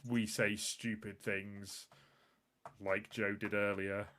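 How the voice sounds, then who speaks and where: A man's voice: fairly low pitch, level tone, slow pace, pushed and bright, a little hiss or hum. A man hosting a casual live podcast, rambling through a laughing, self-mocking sign-off. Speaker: podcast host and producer.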